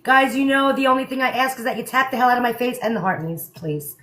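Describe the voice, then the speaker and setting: A woman's voice: on the high side, animated, quick pace, a bit bright, low-quality recording. A woman hosting a live stream, chatting casually and speaking her mind. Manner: outspoken, chatty.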